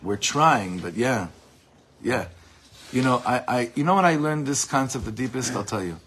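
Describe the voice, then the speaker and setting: A man giving an informal Torah class, telling stories with animated delivery. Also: medium pitch, normal speed, a little hiss or hum. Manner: animated storytelling, acts out shouted quotes. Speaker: Torah teacher.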